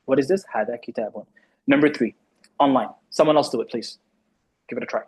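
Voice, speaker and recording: A man teaching an Arabic class to students in the room and online, patiently repeating words slowly. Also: medium pitch, a little mellow, breathy edge, low-quality recording.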